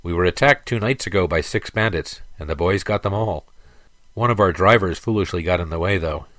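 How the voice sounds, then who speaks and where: A man's voice: low-pitched, a little fast, fairly bright tone, dry recording. A man voicing an old caravan driver who talks bluntly and plainly. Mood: dutiful.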